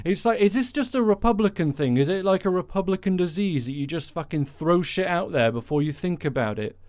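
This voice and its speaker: A man's voice: high-pitched, animated, a little fast, darkish tone, no echo. A man hosting a podcast, giving a blunt, sarcastic, sweary comic monologue. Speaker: podcast host.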